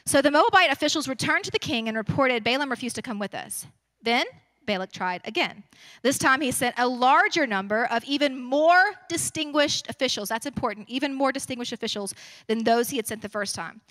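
A woman's voice: animated, fairly quick, fairly bright tone, no room sound. A woman preacher reading scripture aloud and breaking off into casual asides, then pressing her point with rising force. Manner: conversational, asides between Bible verses; rises in pitch and force when preaching the point.

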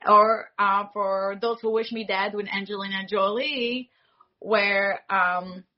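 A woman in her forties, a foley artist, telling stories in an animated way and acting out the dialogue she quotes. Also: medium pitch, takes it slowly, lo-fi sound. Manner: animated, acts out quoted dialogue, laughs often. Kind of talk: casual interview storytelling.

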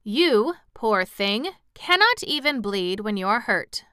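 A woman's voice: mid-range voice, very animated, takes it slowly, pushed and bright, smooth, no room sound, studio quality, pitched above the performer's own voice, exaggerated voice. A woman voicing a proud, boastful male cab horse who talks down with pity. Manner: haughty, pitying.

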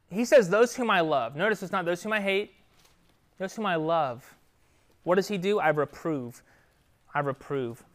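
A man's voice: high voice, fairly bright tone. A man with young children, teaching an interactive Bible lesson to a youth group and often checking in with "right?" and "okay?". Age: adult with children.

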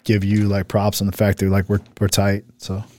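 A man's voice: on the low side, monotone, moderate pace, warm tone, dry recording. A man co-hosting a casual chat with his wife, talking bluntly and profanely, often trailing off and restarting his sentences. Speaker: co-host, husband. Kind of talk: casual podcast chat reacting to comments.

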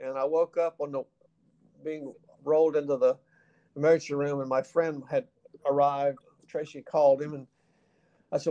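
A man's voice: on the high side, moderate pace, highs cut off. A middle-aged man with a Southern accent, telling a personal story as an interview guest in a folksy way and acting out the dialogue. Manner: folksy, animated, acts out quoted dialogue.

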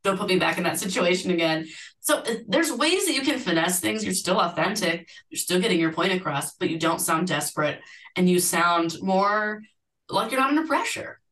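A woman recruiter explains hiring in a relaxed, chatty way. Her voice sits a little low and sounds slightly distant from the mic. She keeps bringing in short impressions of candidates to make her points. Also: moderate pace. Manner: animated, acts out candidate quotes. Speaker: recruiter at an agency. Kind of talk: conversational interview answers.

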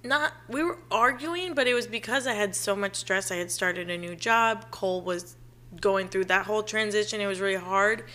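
A woman's voice: medium pitch, moderate pace, bright, forceful tone. A young woman co-hosting a casual chat, telling a story animatedly, acting out quotes and laughing often. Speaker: podcast co-host.

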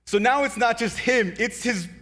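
A pastor preaching a sermon in a conversational way, dropping low and soft to stress key words. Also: male voice, moderate pace.

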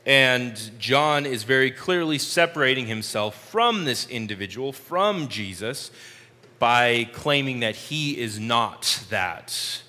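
Male Bible study teacher, slow and deliberate, bright tone, long hall reverb. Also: mid-range voice, animated. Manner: slow, deliberate explaining with repeated phrases.

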